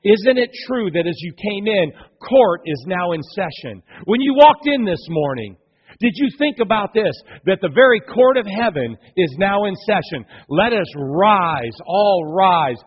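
A male pastor with a high, lively voice that swoops up and down, a little husky. He preaches a sermon and acts out the voices of people in his stories. The sound is dull and lo-fi, with a long church-hall reverb. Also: normal speed. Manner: animated preacher acting out voices of townsfolk. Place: church sanctuary.

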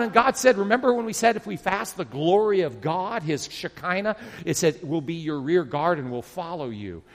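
A middle-aged man preaching a storytelling sermon, his slightly high voice lifting as he gets caught up in the tale. He often trips over his own sentences and starts them again. His voice carries a long reverb that hangs in a big church hall. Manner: animated, excited storytelling with many restarts. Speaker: pastor.

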